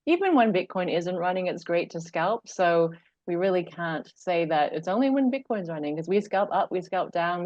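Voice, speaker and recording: A woman gives a brisk, upbeat rundown of the week's results on a casual livestream. Her voice comes through dull and lo-fi, with a dry, close sound and no room around it. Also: mid-range voice, darkish tone, no room sound. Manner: brisk and upbeat, listing figures. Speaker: co-host presenting weekly results.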